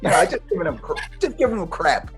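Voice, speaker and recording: A man telling a story as an interview guest, casual and lively, acting out what others said. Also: high voice, fast talker, faint music behind. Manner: animated, acts out others' quotes. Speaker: interview guest, martial artist.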